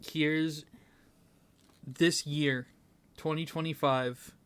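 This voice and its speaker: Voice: medium pitch, fairly even intonation, very slow, clear, resonant tone. A podcast co-host running a guessing game, teasing the other host and laughing often. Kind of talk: casual comedy podcast chat.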